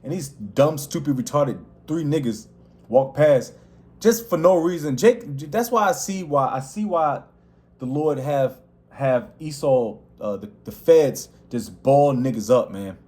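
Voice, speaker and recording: A man's voice: a little high, expressive, a little slow, warm tone. A man teaching a casual scripture lesson in a slangy, rambling way, full of restarts, with a voice that carries. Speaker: Bible teacher.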